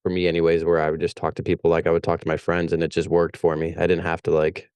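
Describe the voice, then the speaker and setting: A man with a very deep, smooth voice talks quickly in loose podcast chat. He rambles, restarts his sentences and fills them with "like.". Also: completely flat delivery, a little mellow, dry recording. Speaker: police officer.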